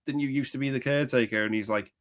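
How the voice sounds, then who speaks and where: A man's voice: mid-range voice, very fast. Rambling man chatting about films. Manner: rambling, quotes film lines, laughs often. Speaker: podcast co-host. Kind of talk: casual film chat.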